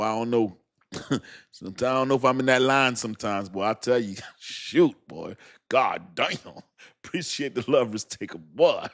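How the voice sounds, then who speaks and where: A man of ordinary pitch hosting a casual crypto livestream and talking straight to his viewers. He rambles in loose slang and laughs often. He pokes fun at himself as he goes. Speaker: crypto channel host.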